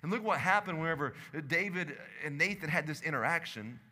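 A man preaching a sermon as pastor, swinging between loud urgent stretches and low hushed lines. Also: animated, fairly quick, long reverb tail. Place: church sanctuary.

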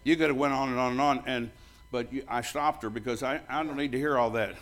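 Preaching a blunt, story-driven sermon, an older pastor talks fast in an ordinary middle pitch with a steady tone. He plays out both sides of past conversations and gets loud and bold when joking with the crowd.

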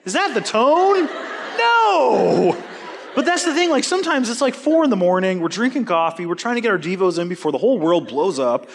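A man's voice: high-pitched, a crowd in the background, background noise. A man teaching a Bible study class, asking the class questions and cracking jokes between points. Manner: animated, joking, quick asides, questions to the class.

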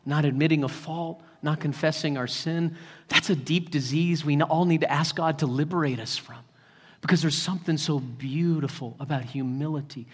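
A man preaching to his congregation in a high, ringing voice, carried by the long reverb of a large hall. His delivery swings from loud, emphatic passages down to near whispers. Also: husky. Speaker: pastor. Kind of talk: sermon.

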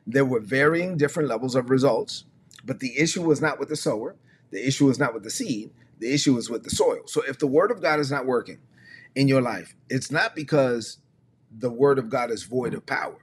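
A man's voice: mid-range voice, fairly quick, slight background noise. Emphatic male pastor preaching a sermon. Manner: emphatic, repetitive, prompts listeners to respond. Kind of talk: streamed sermon.

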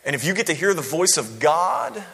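A man preaching a sermon in a church, conversational and animated, often checking in with "right?". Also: fairly high pitch, normal speed, gravelly, a little hiss or hum. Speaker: pastor. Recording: long hall reverb.

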